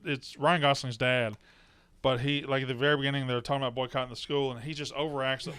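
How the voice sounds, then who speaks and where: Bright, animated man co-hosting a movie podcast. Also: a little high, a little fast, slight background noise. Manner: animated, acts out film lines in loud mimicry. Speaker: podcast co-host. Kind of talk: casual film review chat. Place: studio.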